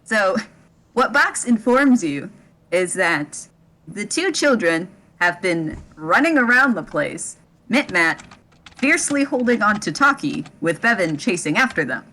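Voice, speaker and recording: A woman's voice: mid-range voice, very animated, a little slow, sharp tone. A woman narrating a tabletop game as game master, hesitant and breaking into laughter. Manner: hesitant, laughs often between lines.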